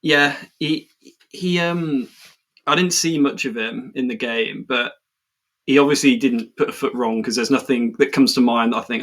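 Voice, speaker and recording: A man co-hosting a football podcast, chatting in a relaxed way and often repeating words as he thinks. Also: medium pitch, normal speed, vocal fry. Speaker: podcast co-host. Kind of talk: casual football chat.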